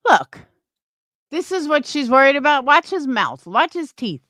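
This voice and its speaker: A young woman vents on her stream in an angry, scornful, profane rant. Her pitch swings widely from high outbursts to low mutters. The recording is dry and close. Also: big pitch swings, measured pace, pushed and bright, no echo. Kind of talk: livestream reaction rant.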